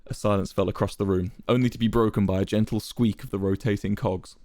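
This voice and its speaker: A man streaming, reading a fan story aloud in an expressive, dramatic way. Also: fairly low pitch, fast, no echo.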